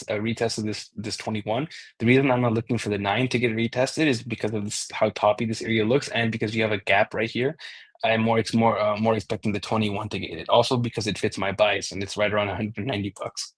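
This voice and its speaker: A man's voice: lowish voice, slightly rough. A man giving a casual chart analysis as a crypto trading analyst, talking loosely with frequent restarts and the odd swear word.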